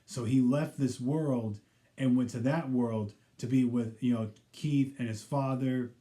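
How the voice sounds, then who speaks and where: A man's voice: medium pitch, fairly even intonation, measured pace, warm tone. A man giving a casual, rambling recap of a TV episode, full of "you know" fillers. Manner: acts out characters' quoted lines in passing. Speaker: pop culture vlogger.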